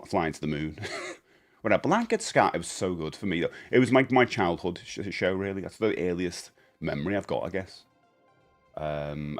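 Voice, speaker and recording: A man hosts a live stream in casual chat. He has a fairly low voice and rambles, often restarting his sentences. Faint music plays underneath. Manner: chatty, rambling, greets viewers, stumbles and repeats.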